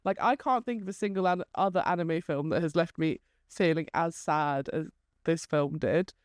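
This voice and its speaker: A woman's voice: low-pitched, normal speed, dry recording, clean studio sound. A woman co-hosting a casual chat, talking freely and laughing often. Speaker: podcast co-host.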